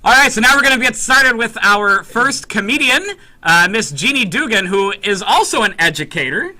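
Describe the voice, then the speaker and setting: A man hosting a fundraiser event, introducing a comedian with lively, joking remarks and filler uhs. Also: high-pitched, moderate pace. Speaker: event host.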